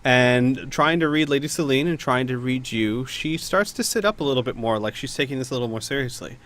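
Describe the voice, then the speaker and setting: A man's voice: mid-range voice, fairly quick, a bit bright. A man narrating as game master, easygoing, with frequent filler sounds.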